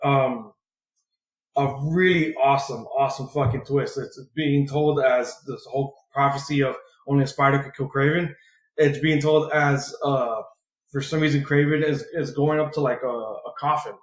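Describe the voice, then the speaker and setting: This podcast co-host is a man with a mid-range voice, a steady tone, and a normal speed. He gives a casual comic book recap that rambles, leans heavily on filler words, and swears freely, recorded in a roomy room with echo.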